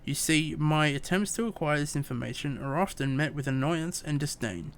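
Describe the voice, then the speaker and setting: A man's voice: fairly high pitch, lively intonation, normal speed, clean tone. A man reading game dialogue aloud as a fussy, long-winded young woman scholar, stumbling over words. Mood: prim.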